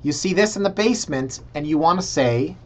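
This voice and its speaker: A man's voice: a little high, expressive, brisk, background noise. A Canadian man casually talking viewers through property listings in a chatty, sarcastic way. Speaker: real estate vlogger.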